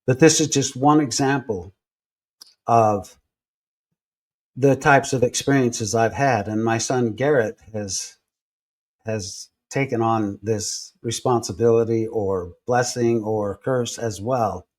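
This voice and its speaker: A man telling personal stories in a relaxed interview, acting out the people he quotes as he goes. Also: medium pitch, takes it slowly. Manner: animated storyteller acting out quoted voices. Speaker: guest. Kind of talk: storytelling in a conversational interview.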